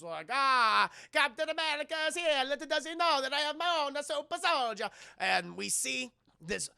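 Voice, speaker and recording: A man recapping a movie scene by scene for his live chat, animated and profane, often jumping into quick funny voices for the characters. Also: high voice, vocal fry, dry recording. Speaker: movie reviewer streaming to chat.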